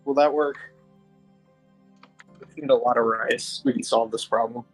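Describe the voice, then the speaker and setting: A man's voice: mid-range voice, fairly even intonation, normal speed, breathy edge, dry recording, soft background music. A man playing a tabletop game, cracking wry jokes. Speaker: player. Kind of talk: casual tabletop play.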